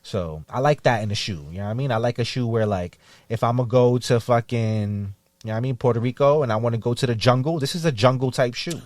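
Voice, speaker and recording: A man's voice: mid-range voice, fast, darkish tone, no room sound. A man from New York City with a New York accent, co-hosting a podcast in casual chat and saying "you know what I mean" constantly. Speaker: podcast co-host.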